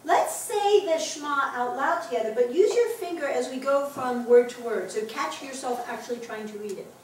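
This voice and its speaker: A woman teaches a class of adults, explaining each point patiently and reading words out slowly. Her voice is a little high and comes from across the room. The classroom sounds very echoey, with faint room noise behind her. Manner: encouraging, explains patiently, reads aloud slowly. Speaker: Hebrew teacher. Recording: very echoey classroom taped from far off.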